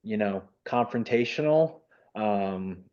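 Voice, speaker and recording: A man's voice: fairly low pitch, expressive, slow, a little mellow, muffled recording. A man who stutters, speaking as a webinar panelist in a casual panel discussion over a video call. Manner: stutters, with repeated sounds and restarts.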